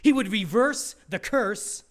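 This middle-aged pastor's voice sits high, and he preaches slowly with lively intonation. He questions his congregation, moving from loud emphatic moments to almost whispered asides.

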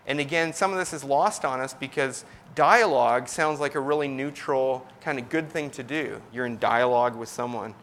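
A man's voice: mid-range voice, moderate pace, hardly any pauses, fairly bright tone, slight background noise. A man, likely in his thirties, preaching in a casual, conversational way, with frequent fillers and restarts as he explains a point. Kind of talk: casual sermon teaching.

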